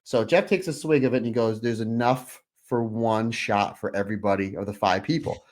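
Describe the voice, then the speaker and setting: A man co-hosting a podcast over a remote link, telling anecdotes in a lively, laughing, casual chat. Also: on the low side, a little fast. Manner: animated anecdotal storytelling with laughs. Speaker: podcast co-host.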